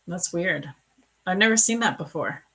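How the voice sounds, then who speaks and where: A middle-aged woman hosting a live psychic reading, answering viewer questions in a slow, soft-spoken, emotional and earnest way. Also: fairly low pitch, expressive, slightly rough, rough recording.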